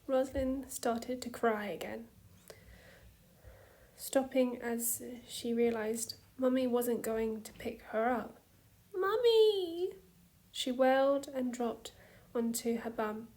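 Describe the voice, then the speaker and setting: Slow, soft-spoken woman reading a story aloud. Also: a little high, level tone. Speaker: fanfiction reader. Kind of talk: storybook narration.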